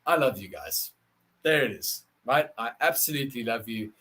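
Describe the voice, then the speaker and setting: A South African man hosting a live-stream rugby wrap-up, excitable and effusive, often repeating words as he talks. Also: mid-range voice, moderate pace, slightly rough. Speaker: sports channel host.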